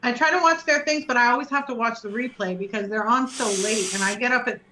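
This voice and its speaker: A woman's voice: a little high, quick pace, roomy sound, noisy background. A woman chatting casually as a guest on a live stream, talking freely with fillers and frequent laughs. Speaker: guest reviewer.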